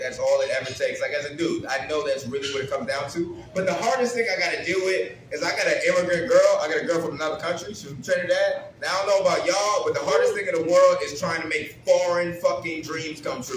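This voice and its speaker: A man performing a stand-up comedy set, talking in a brash, crude and animated way and building rhythmic lists. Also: a little high, background noise. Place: comedy club with a live audience. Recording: roomy club with crowd laughter.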